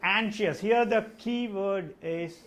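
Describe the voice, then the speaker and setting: Speaking slowly in a high-sitting, fairly bright voice, a male trainer runs a live lesson for an English language test. He walks through answers with frequent "like" and "okay," asking the class questions as he goes.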